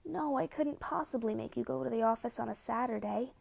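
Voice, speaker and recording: A woman's voice: on the high side, fairly quick, creaky, a little mellow, slightly rough, full character voice. A woman voicing an anxious, protective middle-aged mother in a read-aloud story. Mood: worried. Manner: worried, distressed.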